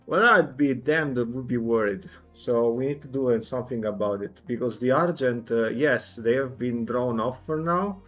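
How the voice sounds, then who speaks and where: A man voicing a wary leader who confides his suspicions slowly in a low voice. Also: natural voice.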